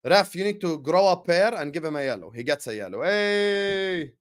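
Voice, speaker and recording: A young man hosting a live football watchalong, chatting with viewers and calling the play with slangy, excitable banter. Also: sits high, normal speed. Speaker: watchalong streamer.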